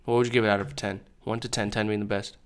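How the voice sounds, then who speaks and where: Podcast co-host, male, rapid loud banter, teasing. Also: fairly low pitch, level tone. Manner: loud, joking, quick banter. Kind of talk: casual chat.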